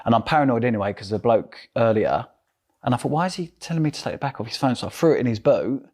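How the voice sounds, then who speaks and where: A man's voice: mid-range voice, fast, darkish tone. A middle-aged man with an Essex accent, an interview guest telling his story animatedly and acting out the voices of others. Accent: Essex English. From England.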